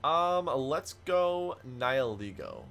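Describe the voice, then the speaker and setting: A young man streaming a game, telling stories in an animated way and chatting to his viewers. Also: a little high, smooth, faint music behind. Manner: animated storytelling, quick asides to chat. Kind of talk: casual stream commentary while playing.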